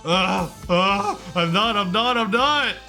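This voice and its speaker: A man's voice: sits high, animated, extremely slow, bright, forceful tone, faint music behind, pitched above the performer's own voice, heavily acted. A man voicing a hulking, childlike man who wails and repeats himself in a tantrum, for a visual novel. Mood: wailing.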